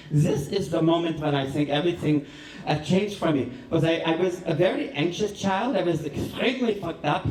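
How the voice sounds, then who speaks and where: A flamboyant, self-adoring cabaret host, played by a man rambles through theatrical, self-mocking stories in a vague put-on European accent. His voice sits high. The sound is roomy and distant, as if the mic were across a small live venue. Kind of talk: live stand-up monologue.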